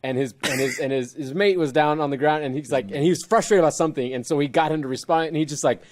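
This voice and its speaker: A man's voice: fairly high pitch, fast, darkish tone. A man co-hosting a podcast, chatting casually and jumping eagerly into jokes. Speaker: podcast co-host. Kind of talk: casual chat.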